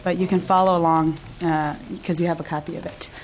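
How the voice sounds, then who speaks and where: A woman's voice: lowish voice, little pitch movement, a little fast, slight background noise. A woman senator chairing a committee hearing, speaking formally with many fillers and the odd joke, recorded on a table microphone in a hearing room. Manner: frequent fillers, warm joking welcome.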